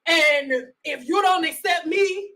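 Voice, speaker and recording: A woman's voice: extremely high pitch, slow, exaggerated voice. Woman mimicking a stubborn defiant husband. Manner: loud, defiant. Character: stubborn grown husband refusing a haircut.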